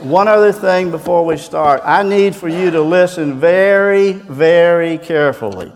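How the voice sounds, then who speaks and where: A man's voice: fairly high pitch, a little slow. A man from Texas with a Southern US accent, giving a folksy, joking chapel talk as a guest speaker. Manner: folksy and joking, with fillers and restarts. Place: large hall. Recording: hall reverb.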